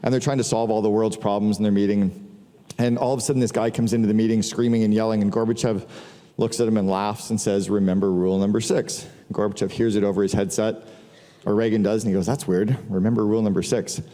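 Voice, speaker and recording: A middle-aged man talks to a live audience in a large hall. His voice is mellow and relaxed, and the long reverb of the room trails after each phrase. He speaks casually, swears now and then, and acts out the people in his stories. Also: lowish voice, quick pace. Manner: casual, profane, storytelling with quoted dialogue. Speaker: speaker giving a business talk. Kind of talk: casual conference talk.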